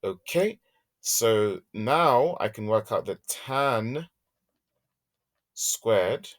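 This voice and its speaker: A man works through a maths lesson in a low voice, talking slowly and deliberately. He thinks aloud as he goes and hums quietly to himself while sketching graphs. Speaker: maths teacher. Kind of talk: worked-example maths lesson.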